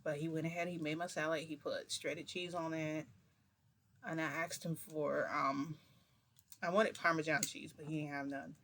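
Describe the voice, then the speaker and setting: A woman's voice: deep voice, flat delivery, normal speed, fairly bright tone, a little hiss or hum. Woman vlogger, casual storyteller; rambling, chatty, loose delivery with many restarts.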